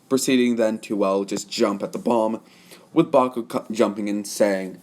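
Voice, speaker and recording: A man's voice: on the low side, brisk, a little mellow. A young man narrating a fan story off the cuff, rambling with many fillers and self-corrections.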